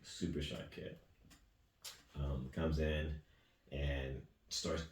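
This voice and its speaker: Deep-voiced coach telling a story, earnest. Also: male voice, flat delivery, drawn-out words. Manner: rambling, earnest, tags phrases with "right?" and "man". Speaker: youth weightlifting coach. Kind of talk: casual storytelling in an interview. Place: gym. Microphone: distant mic. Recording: echoey gym recorded from a distance, faint noise.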